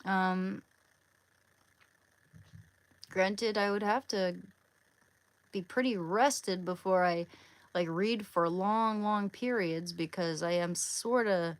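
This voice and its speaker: A woman's voice: mid-range voice, takes it slowly, long pauses, no echo. A woman hosting a casual livestream, rambling and stumbling over her words as she reads chat and talks about her day. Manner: coos baby talk at her dog, reads chat aloud. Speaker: livestream host.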